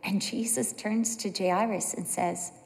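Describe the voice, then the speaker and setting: Animated woman preaching in a reverberant hall. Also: mid-range voice, a little slow, gravelly. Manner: animated storytelling, acts out voices. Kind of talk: sermon with personal story.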